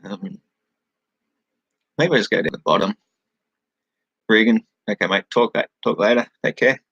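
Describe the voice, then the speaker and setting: Australian man, live-stream host, gravelly, rambling and swearing, webcam. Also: on the low side, moderate pace, a bit bright, no echo, muffled recording. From New South Wales, Australia. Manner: rambling, swears freely, laughs at his own remarks. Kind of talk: casual live chat with viewers.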